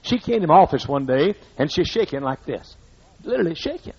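Older man, Southern accent, pastor, sermon, folksy, husky voice, muffled recording. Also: on the high side, very animated, fairly quick, a little mellow. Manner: folksy, repetitive, preacherly emphasis.

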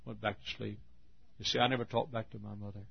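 A man in his fifties from Texas preaching a sermon, telling a long personal story in an earnest, drawn-out way. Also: on the low side, flat delivery, creaky. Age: 50s. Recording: dull lo-fi sermon recording.

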